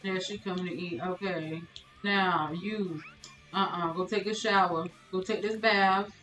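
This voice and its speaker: A woman's voice: fairly low pitch, fairly even intonation, a little slow, a bit bright, echoey room, soft background music, low-quality recording. A woman streamer commentating a life-sim game live, exasperated and laughing as she talks to her chat.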